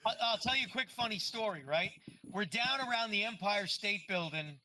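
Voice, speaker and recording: High, bright-voiced man telling stories. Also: lively intonation, a little fast, no room sound. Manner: loose, rambling storyteller with frequent swearing. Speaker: guest, prank-call performer. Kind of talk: casual podcast chat.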